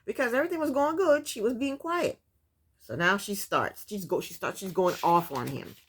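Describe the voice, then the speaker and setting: A woman's voice: mid-range voice, normal speed, a bit bright, slightly rough. A woman giving a blunt, sassy, exasperated casual recap of a TV show. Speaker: reality TV recap YouTuber. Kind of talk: casual commentary.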